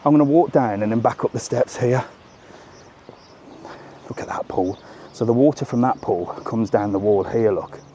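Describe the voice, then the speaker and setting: Middle-aged man, mellow voice, chatty live walking tour, outdoors on a phone, faint ambience. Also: medium pitch, a little fast, few pauses, a little hiss or hum. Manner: chatty, animated, keeps saying "look". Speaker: travel vlogger. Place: outdoors around a hotel resort.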